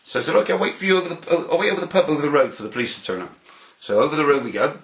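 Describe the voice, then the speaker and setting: A man's voice: a little high, sing-song, rapid-fire, gravelly, reverberant, a little hiss or hum, low-quality recording. A man giving an interview, telling a long anecdote in a rambling way, with many restarts and fillers. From United Kingdom. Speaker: interview guest.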